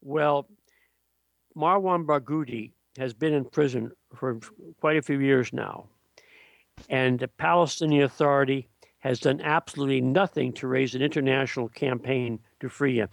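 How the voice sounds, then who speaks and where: Creaky-voiced man, blunt and scornful. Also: medium pitch, normal speed, dry recording. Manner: blunt, scornful, with frequent restarts. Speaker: interview guest. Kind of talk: political commentary.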